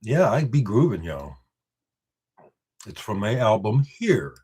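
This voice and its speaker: A man's voice: fairly low pitch, sing-song, takes it slowly, a little mellow, slightly rough. A man who is a musician, hosting a casual live stream, replying to viewers' comments and emphatically talking up his own records. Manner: emphatic, boastful, replies to chat comments.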